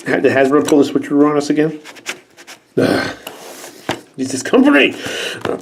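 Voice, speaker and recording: A man in his thirties reviewing an old toy, excitable and sarcastic, joking to the figures as he goes. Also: a little high, moderate pace, creaky, long pauses, slight background noise. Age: 30s. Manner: excitable and sarcastic, talks to the toys.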